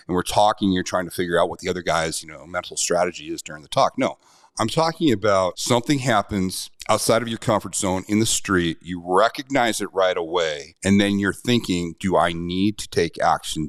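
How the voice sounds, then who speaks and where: Middle-aged male self-defense host, very low voice, dry close recording, emphatic plain talk. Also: no room sound. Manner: emphatic, conversational, repeats key points. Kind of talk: direct-to-camera commentary.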